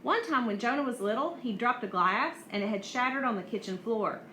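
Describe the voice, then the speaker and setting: Bright-voiced woman reading a novel. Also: fairly high pitch, brisk. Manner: even, with small slips and restarts. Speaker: audiobook reader. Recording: echoey room, faint hiss.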